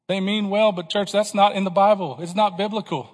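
A man's voice: high voice, steady tone, fast talker, hardly any pauses, long reverb tail. A man preaching a sermon to his congregation, asking questions and pressing his points with emphasis. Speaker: pastor.

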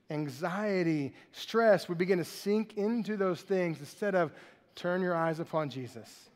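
A pastor preaching a sermon in an animated, conversational way, in a large church hall. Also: male voice, high-pitched.

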